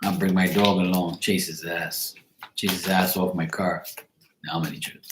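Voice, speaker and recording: A man's voice: sits low, little pitch movement, moderate pace, roomy sound, heavy background noise. A man giving a casual tarot reading on a livestream, rambling loosely, swearing now and then and breaking off to greet viewers. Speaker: tarot reader.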